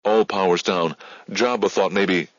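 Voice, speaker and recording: A man doing a sharp, stubborn woman staffer in an audiobook, pushing back in clipped, insistent lines. The voice is lifted from a very deep natural register. It is heard close and dry with a dull, lo-fi sound. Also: steady tone, unhurried, no echo. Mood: urgent. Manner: clipped, insistent, stammers when pushed.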